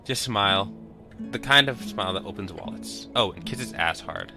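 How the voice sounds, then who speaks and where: Over game music, a man streams a game and chats casually, reading the game text aloud and dropping wry, self-deprecating asides. His voice is on the low side and expressive, at a moderate pace.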